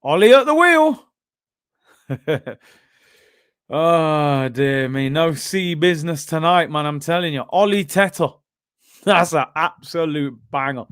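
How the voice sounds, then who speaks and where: A young man hosting a live football watchalong, bantering with chat and reacting loudly to the game. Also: on the high side, slow pace, clear, resonant tone, no room sound, studio quality. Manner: banter-heavy, erupts into shouting at goals. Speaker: watchalong host.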